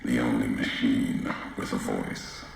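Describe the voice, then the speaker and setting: An actor playing a grim, brooding male wanderer in a video game, speaking in slow, solemn fragments with a deep gravelly voice. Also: very echoey, a little hiss or hum, full character voice. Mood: accusing.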